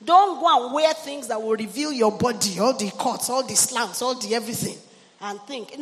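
A middle-aged woman pastor preaching a sermon, exhorting her congregation and calling for amens and hallelujahs. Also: a little high. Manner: exhorting, call-and-response with the congregation. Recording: long church hall reverb, faint ambient noise.

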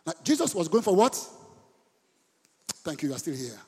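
A middle-aged Nigerian man preaches a sermon in a high, husky voice that carries a long reverb through the church hall. He swings from hushed asides to sudden loud bursts. He repeats words for emphasis. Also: very animated, moderate pace. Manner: dramatic swings between soft asides and loud outbursts; code-switches mid-sentence, repeats words for emphasis. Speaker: pastor.

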